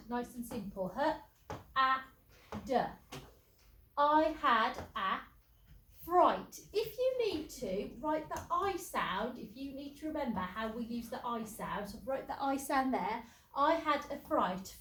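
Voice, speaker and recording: A woman teacher, giving a phonics lesson and sounding out letters in an encouraging way. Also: sits high. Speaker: primary school teacher. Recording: echoey room, faint background noise.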